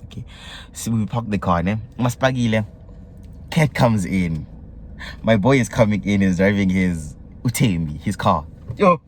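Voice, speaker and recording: Deep-voiced South African young man. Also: normal speed, a little hiss or hum. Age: young adult. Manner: excitable, mixes slang and local words. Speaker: vlogger. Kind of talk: casual storytelling vlog.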